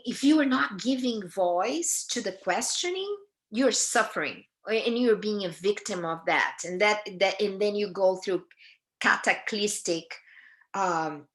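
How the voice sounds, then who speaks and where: A woman teaching astrology to a group, talking with many fillers, pauses and restarts. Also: mid-range voice, expressive, a bit bright. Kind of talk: live group talk on astrology. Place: United States.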